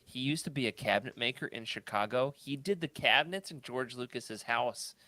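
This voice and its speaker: A man leading a casual discussion panel, telling a story in an animated way. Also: medium pitch, brisk, no room sound. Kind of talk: casual roundtable chat.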